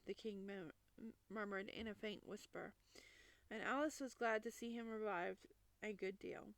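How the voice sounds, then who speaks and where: A woman reading a classic children's book aloud, in lively narration with small restarts. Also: mid-range voice, normal speed, no room sound. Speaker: storybook reader.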